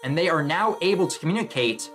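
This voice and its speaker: A solemn old hero spirit speaks in a grave, measured tone, as a man reads him aloud from a comic, a touch lower and slower than everyday talk. The voice carries a quiet weight, steady rather than theatrical. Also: faint music behind. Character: solemn ancient male hero spirit, the first wielder.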